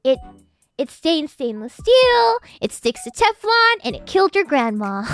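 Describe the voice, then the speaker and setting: A woman streamer chatting casually with her viewers, giggly and animated, with sudden excited outbursts. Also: high voice, measured pace, faint music behind. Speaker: VTuber streamer. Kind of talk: casual livestream chat with viewers.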